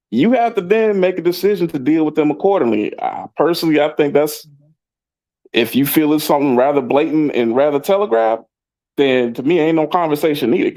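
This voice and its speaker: A man's voice: medium pitch, a little mellow. A man on a casual panel, giving his opinion bluntly and with force. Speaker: panel guest.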